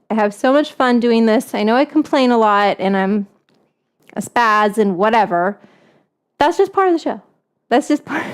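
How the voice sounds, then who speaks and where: A woman hosting a casual cooking livestream, chatting playfully while she whisks and stirs, often joking at her own expense. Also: high voice. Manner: playful, chatty, self-mocking. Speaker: cooking show host. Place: home kitchen.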